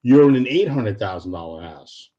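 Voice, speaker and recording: A man speaking as a podcast guest about home sales, blunt and animated, often acting out what clients should say. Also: mid-range voice, moderate pace, highs cut off. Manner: blunt, animated storytelling with acted-out quotes. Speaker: real estate short sale specialist, podcast guest. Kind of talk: casual interview talk.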